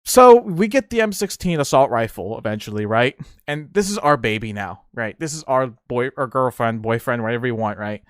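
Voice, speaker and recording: A young man from the United States hosting a podcast, telling stories in a casual, animated way and often laughing. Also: medium pitch, moderate pace, few pauses, clear, resonant tone, no room sound, studio quality. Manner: animated, laughs often, acts out yelling drill instructors. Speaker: podcast host. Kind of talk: casual solo storytelling.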